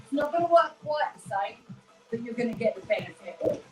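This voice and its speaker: Fitness instructor lady, a bit high voice, cheery cues and counting, echoey room, faint music in back. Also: animated, brisk, warm tone, recorded from a distance. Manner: encouraging, upbeat coaching with counting and cues. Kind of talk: live workout class instruction.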